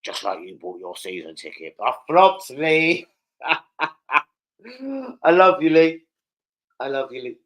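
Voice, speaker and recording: A young man hosting a casual football live stream, excitable, swearing and calling out viewers by name. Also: mid-range voice, takes it slowly, pauses often. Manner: excitable, swears, calls out chat names.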